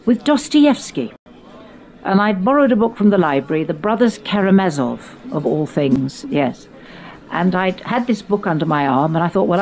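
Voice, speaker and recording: An older woman from England, hosting her own podcast and recounting her youth in an animated, storytelling way with playful quoted voices. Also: on the low side. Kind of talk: reminiscing conversation.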